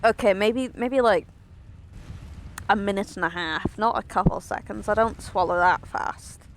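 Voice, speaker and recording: A woman's voice: mid-range voice, unhurried, slight background noise. A woman chatting casually while streaming a game, rambling and swearing in self-mocking asides. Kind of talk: casual gameplay stream chat.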